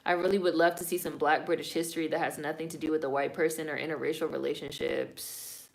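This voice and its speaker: This streamer talks fast in a low, flat voice with vocal fry as she reads her viewers' comments aloud. She's opinionated and blunt, swearing constantly, her loose speech full of "like" and "y'all."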